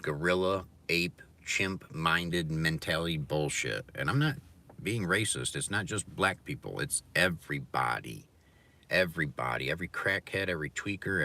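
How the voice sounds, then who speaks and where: A man's voice: extremely low pitch, bright, forceful tone. A man hosting a livestream, talking in a blunt, profane, ranting way. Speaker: livestream host. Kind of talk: casual livestream rant.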